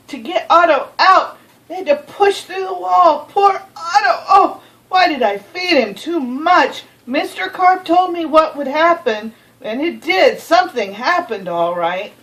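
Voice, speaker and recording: A woman reading a children's picture book aloud, expressive, with gasps and asides to the listener. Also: sits high, a little slow, few pauses, low-quality recording. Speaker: storybook reader.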